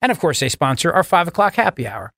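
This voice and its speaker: Sarcastic, gravelly radio talk show host. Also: male voice, fairly high pitch, quick pace, no echo, studio quality. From Italian heritage, US. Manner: sarcastic, mocking, animated. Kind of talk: opinionated talk radio monologue.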